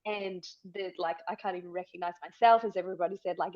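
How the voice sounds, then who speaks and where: A woman's voice: lowish voice, fairly even intonation, fast, darkish tone. Earnest woman over a dull call line. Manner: emotional, earnest, swears freely. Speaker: program participant. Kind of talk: sharing a personal story on a video call. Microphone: video call.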